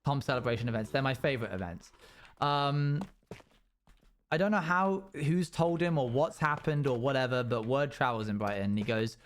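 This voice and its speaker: A man's voice: medium pitch, moderate pace. A man streaming live, chatting casually and telling rambling stories to his chat, acting out what people said. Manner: rambling anecdotes told to chat; acts out quotes in a raised voice. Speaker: livestreamer.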